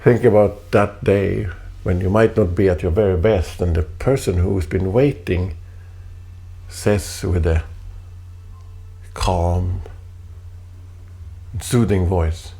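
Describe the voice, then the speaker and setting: Man, low, creaky, very slow, halting and reflective, home recording. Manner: deliberate, halting, repeats phrases, soft laughs. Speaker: artist performing a spoken text. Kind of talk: slow reflective spoken essay.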